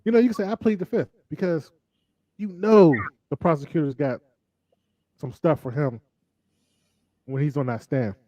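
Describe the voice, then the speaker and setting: A man's voice: fairly high pitch, normal speed, long pauses, warm tone, lo-fi sound. A man co-hosting a casual talk show, chatting in a laid-back, drawling way with mocking asides. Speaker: podcast co-host. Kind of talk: casual chat.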